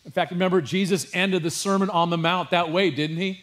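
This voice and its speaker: A man preaching a sermon with passion, dropping to a hush and rising to emphasis, with casual asides to his congregation. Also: high-pitched, steady tone, brisk. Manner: passionate, swings from hushed to emphatic. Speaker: pastor.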